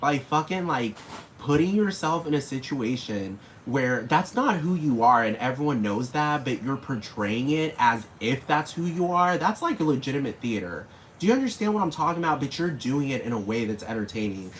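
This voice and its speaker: A vlogger rants casually to camera at length, rambling, swearing and addressing the people he's calling out directly. His mid-range voice swings widely in pitch at a moderate pace, over a noisy background hiss.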